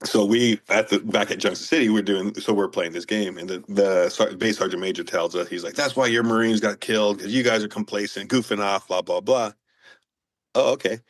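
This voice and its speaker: A man with a fairly low voice tells profane, animated stories about his service days. He talks casually as a podcast guest. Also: fairly quick. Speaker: guest, former Marine. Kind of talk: casual storytelling.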